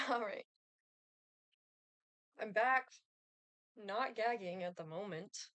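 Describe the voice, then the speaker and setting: A woman's voice: mid-range voice, slow pace, a bit bright, no room sound. A young woman streaming a life-sim game, chatting casually with lots of fillers and giggles. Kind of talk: casual gameplay chat.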